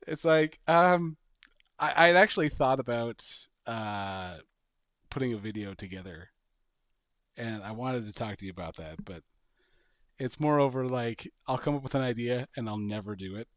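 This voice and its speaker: A man hosting a podcast, chatting casually and pitching a sketch idea with animated storytelling and bursts of laughter. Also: moderate pace, no echo, clean studio sound. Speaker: podcast host. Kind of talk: casual chat.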